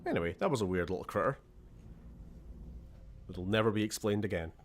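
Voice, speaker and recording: A man's voice: on the low side, expressive, brisk, a little hiss or hum. A man from Scotland giving casual gameplay commentary as a streamer, sarcastic and jokey, swearing freely.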